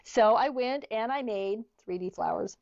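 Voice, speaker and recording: Middle-aged woman, sewing teacher on a video call, higher voice, chatty storyteller, dry slightly dull mic. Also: moderate pace, gravelly, a little mellow, no room sound. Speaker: sewing instructor. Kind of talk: online sewing class demonstration.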